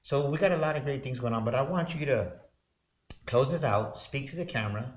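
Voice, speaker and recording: A man's voice: medium pitch, a little fast. A man co-hosting a motivational talk show, speaking fervently with repeated, preacher-like build-ups. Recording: roomy echo.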